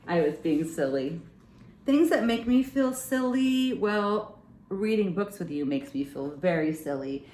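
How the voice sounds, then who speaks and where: A woman's voice: mid-range voice, measured pace. A young adult woman reading a picture book aloud to children, playful and sing-song, hosting a storytime. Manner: playful, sing-song, animated with silly sounds. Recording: echoey room.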